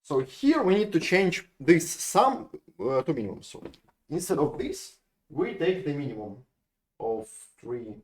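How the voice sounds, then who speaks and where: A man's voice: a little high, big pitch swings, measured pace. A man with a Russian accent giving a university lecture on code, often restarting and repeating words as he works through examples. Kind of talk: live lecture explaining code.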